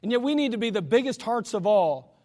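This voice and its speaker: Male pastor with a high voice, folksy and emphatic sermon delivery, long hall reverb. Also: lively intonation, brisk, a little mellow. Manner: folksy, chuckling asides, emphatic scripture reading.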